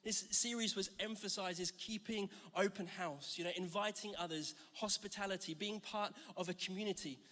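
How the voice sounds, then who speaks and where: A man delivers a sermon in a chatty, joking way, full of self-deprecating stories. His voice sits high and sounds bright and forceful. It rings out with a long reverb, the way a big hall sounds. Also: steady tone, moderate pace, few pauses. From Scotland. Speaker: church speaker.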